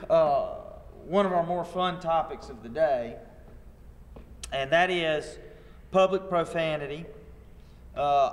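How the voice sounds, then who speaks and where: A man, a lawyer teaching a training seminar in a wry, anecdotal way. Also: on the high side. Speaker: attorney and workshop instructor. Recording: long hall reverb.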